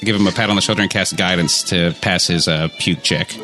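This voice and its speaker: Rich: A man at a tabletop game who talks casually with small pauses. His voice sits fairly low, and faint music plays behind him. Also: fairly even intonation, bright, forceful tone. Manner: casual, halting. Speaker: player.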